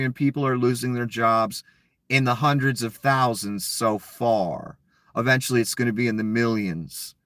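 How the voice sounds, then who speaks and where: A man's voice: medium pitch, fairly bright tone, no room sound. A man giving a blunt, mocking solo commentary, full of profanity. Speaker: political commentator.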